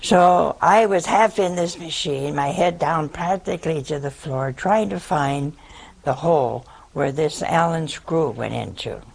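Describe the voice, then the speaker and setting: A woman's voice: deep voice, a little slow, gravelly, a little mellow. An older woman, a nun, telling a humorous story to listeners in a chatty, self-mocking way. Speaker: nun giving a talk.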